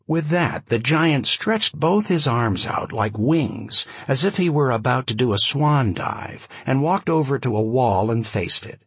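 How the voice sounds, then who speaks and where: A man narrating an audiobook in a vivid, expressive storytelling manner. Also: mid-range voice, unhurried, hardly any pauses, slightly rough, dry recording. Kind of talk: scripted narration.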